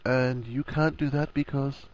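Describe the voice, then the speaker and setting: A man voicing an earnest, flustered young wizard who stammers and rushes. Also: mid-range voice, fairly even intonation, a little mellow, no echo, muffled recording, lightly acted. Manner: stammering, eager.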